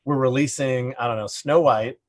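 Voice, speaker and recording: A middle-aged man telling a casual story as a podcast guest, rambling and animated, full of "like" fillers. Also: mid-range voice, normal speed. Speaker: podcast guest, production designer.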